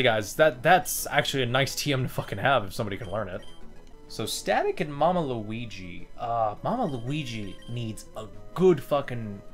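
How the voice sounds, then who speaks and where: A man's voice: mid-range voice, fairly bright tone. Chatty, profane man playing a game. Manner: chatty, profane, easily amused. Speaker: let's play host. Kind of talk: casual gameplay commentary.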